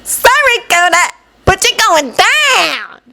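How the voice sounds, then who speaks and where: A woman's voice: very high-pitched, expressive, moderate pace, pushed and bright, slight background noise, voice pushed up, exaggerated voice. A woman reader voicing a peppy teenage girl who speaks bluntly and with assurance.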